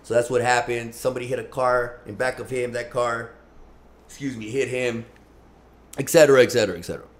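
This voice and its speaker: A middle-aged man on a podcast telling a story casually, slangy and animated, acting out the lines of the people in it. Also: medium pitch, brisk. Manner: animated, slangy, acts out dialogue. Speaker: podcast guest.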